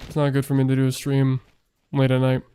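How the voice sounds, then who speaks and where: A man's voice: mid-range voice, completely flat delivery, brisk, dark tone, smooth. A young man chatting casually while streaming a game he makes, rambling with lots of fillers, his voice worn out late at night. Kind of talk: casual gaming stream chat.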